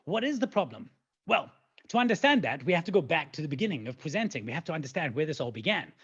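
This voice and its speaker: A man in his forties giving an energetic webinar talk, animated and playful, with rhetorical questions and sound effects. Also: fairly high pitch, quick pace, slightly rough, highs cut off. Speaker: presenter.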